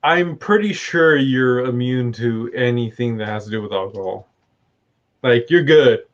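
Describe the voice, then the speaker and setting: A man's voice: medium pitch, expressive, measured pace, dull audio. A man in a casual chat, talking in an easygoing way with lots of fillers and teasing jokes.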